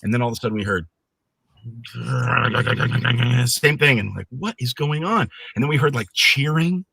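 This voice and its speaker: A middle-aged man chatting as a guest on a live stream, spinning his stories with a bright, forward tone. He throws himself into each anecdote and acts out the other people's voices as he goes. The sound is close and dry, with no room around him. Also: medium pitch, a little slow, gravelly, slightly rough, no echo. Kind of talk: casual chat on a live stream.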